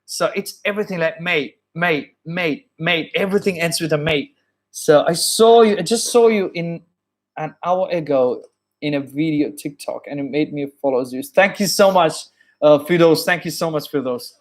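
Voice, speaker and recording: A man's voice: a little high, moderate pace. A man with a British-influenced English accent, hosting a casual live stream as an English tutor and speaking earnestly, often repeating and restating his points. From born in Saudi Arabia, studied in India.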